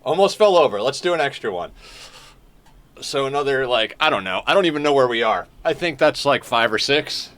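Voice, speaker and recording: A man's voice: mid-range voice, lively intonation, fairly quick, fairly bright tone. A man streaming a game, chatting casually with his viewers, thanking them and reading their messages with lots of fillers. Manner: frequent laughs and filler words. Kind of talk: casual live-stream chat.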